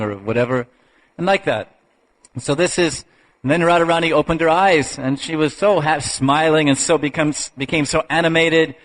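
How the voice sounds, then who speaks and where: Man giving an unhurried devotional lecture. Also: fairly high pitch, low-quality recording. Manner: unhurried, halting storyteller with restarts and soft laughs. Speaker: spiritual lecturer.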